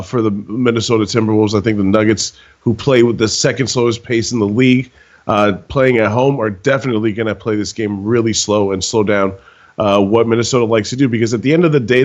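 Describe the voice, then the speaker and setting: A man's voice: medium pitch, highs cut off. A man who is losing his voice, methodically walking through stats behind his betting picks. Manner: stat-heavy, methodical. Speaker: sports betting analyst.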